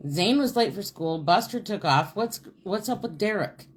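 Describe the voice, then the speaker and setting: A woman's voice: medium pitch, lively intonation, normal speed, slight background noise. A woman co-hosting a podcast, chatting casually with wry, teasing interjections. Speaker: podcast co-host. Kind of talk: casual chat.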